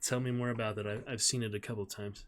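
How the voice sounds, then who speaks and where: A man's voice: fairly low pitch, flat delivery, quick pace. A man streaming live, reading a novel aloud and chatting with viewers in a friendly, easygoing way.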